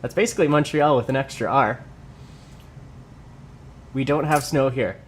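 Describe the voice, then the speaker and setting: A man's voice: mid-range voice, normal speed, a little hiss or hum. Chatty man streaming a workout. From Canada. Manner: chatty, reads viewer comments aloud and answers them. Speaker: livestreamer and lifter. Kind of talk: casual livestream chat. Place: home workout space.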